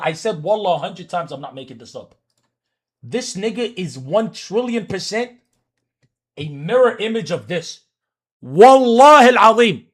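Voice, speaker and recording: A man's voice, pitched high for a man, climbs and drops sharply as he rants through live stream commentary. His talk is profane and heated, and he keeps repeating oaths. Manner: heated, profane ranting at viewers. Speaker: livestreamer.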